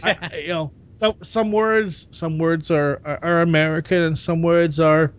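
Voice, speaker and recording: A man's voice: a little high, steady tone, normal speed, clean tone, lo-fi sound. A man with a mixed, partly Boston accent, co-hosting a podcast in jokey, rambling casual chat. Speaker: podcast co-host.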